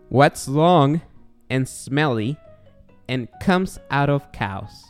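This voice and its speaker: A man's voice: medium pitch, lively intonation, very slow, soft background music. A man hosting a casual podcast, playful and jokey, slipping into announcer-style introductions. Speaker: podcast host.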